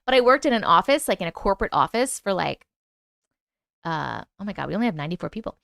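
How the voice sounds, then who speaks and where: A woman's voice: medium pitch, big pitch swings, quick pace, gravelly, a bit bright, no room sound, studio quality. A woman with a New York accent hosting a casual live stream, chatting and reading viewer comments aloud.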